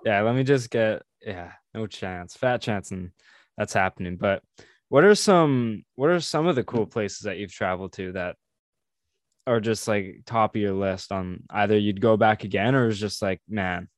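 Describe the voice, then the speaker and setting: A young man hosting a casual podcast, laid-back and quick to chime in with agreement. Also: fairly low pitch, dry recording, studio quality. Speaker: podcast host. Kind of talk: casual chat.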